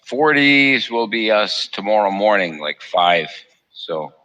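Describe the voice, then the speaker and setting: A man's voice: lowish voice, lively intonation, slow pace, sharp tone, poor audio. A man hosting a live stream, chatting casually over a voice call, joking, laughing often and repeating himself. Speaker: host of a live observatory stream.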